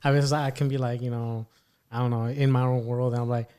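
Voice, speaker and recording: A man's voice: mid-range voice, little pitch movement, quick pace, warm tone, clean tone. A man hosting a casual podcast chat, joking and sarcastic as he asks his guests questions. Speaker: podcast host. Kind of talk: casual conversation.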